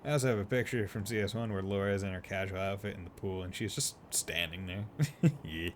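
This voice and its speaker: A man's voice: low voice, brisk, slight background noise. Joking young man streaming a game. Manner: joking, rambling, laughs often. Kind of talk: casual gameplay commentary.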